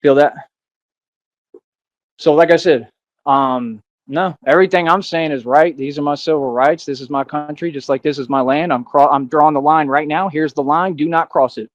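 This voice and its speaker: An American man delivers a defiant rant, boastful and confrontational, circling back to the same points again and again. His voice sits a little high for a man. The sound is dry and close, with no room around it. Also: brisk, dry recording, highs cut off. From United States. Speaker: self-styled vigilante. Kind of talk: ranting monologue to camera.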